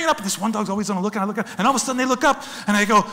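A middle-aged man giving an animated, excitable storytelling talk about wildlife photography, acting out the animals in funny voices. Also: high voice, rapid-fire, few pauses. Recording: long reverb of a lecture hall.

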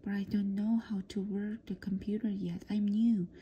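A woman voicing a nervous new male worker at a rainbow machine, speaking softly and half in a whisper. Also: medium pitch, little pitch movement, normal speed, muffled recording, a little hiss or hum, close to an everyday voice. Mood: anxious.

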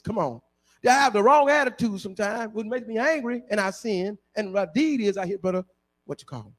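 A man's voice: high voice, expressive, normal speed, a bit bright. A male pastor preaching a sermon, breaking into a chanting, half-sung climax with repeated refrains.

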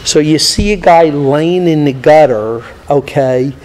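Male evangelist, higher-pitched, lively preacher who voices both sides of his stories, recorded in a reverberant hall. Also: unhurried, slight background noise. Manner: animated, acts out both sides of conversations. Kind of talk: sermon storytelling. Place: church hall. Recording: long church hall reverb.

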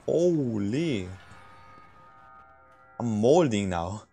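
Excitable young man streaming a game. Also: very slow, gravelly, slightly rough, soft background music. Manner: excitable, swears, voice jumps high when shocked. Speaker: gaming streamer. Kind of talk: casual live game commentary.

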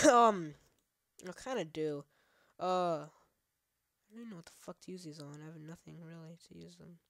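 A woman's voice: fairly low pitch, expressive, normal speed, gravelly, pauses often, fairly bright tone, no room sound. Rambling, foul-mouthed woman gamer, dry sound. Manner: rambling, profane, many fillers; trash-talks the game. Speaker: gaming channel host. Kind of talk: casual let's play commentary.

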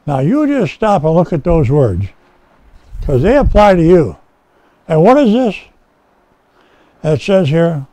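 With a warm, high, sing-song voice, a male pastor teaches from the Bible unhurriedly and with frequent pauses, in a low-quality, dry recording. The sermon, held in a rescue mission chapel, is informal and folksy, full of restarts and "okay?" check-ins with listeners.

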